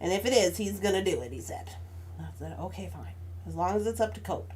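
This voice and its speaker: Animated woman telling a story. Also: mid-range voice, fast, a little hiss or hum. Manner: animated, laughing often, acting out both sides of an argument. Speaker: crafting livestream host. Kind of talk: casual storytelling chat.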